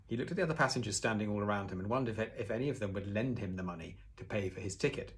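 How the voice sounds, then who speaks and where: A man with a low-set voice reads a children's novel aloud, expressively. He sometimes breaks off for a relaxed aside to the listener before diving back into the story. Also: rapid-fire, few pauses. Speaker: audiobook reader.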